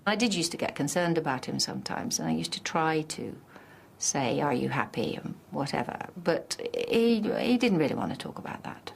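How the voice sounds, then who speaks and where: A woman in a documentary interview, remembering a friend in a hesitant, gentle way. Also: low voice, very animated, normal speed, creaky, a little hiss or hum. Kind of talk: reflective interview.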